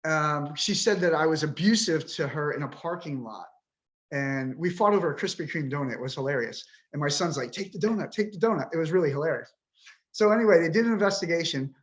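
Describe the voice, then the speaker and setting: Speaking briskly with a pitch on the high side, a fifty-something man guests on a podcast. His talk is emotional, in the manner of an interview, as he vents his frustration with blunt profanity.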